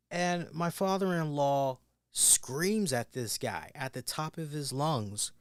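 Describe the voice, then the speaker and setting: A man hosting a wrestling review show, telling a story in an animated way and acting out the people in it with loud bursts. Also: fairly high pitch, slow, clean tone, no echo, clean studio sound. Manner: emphatic, acts out quoted voices with loud bursts.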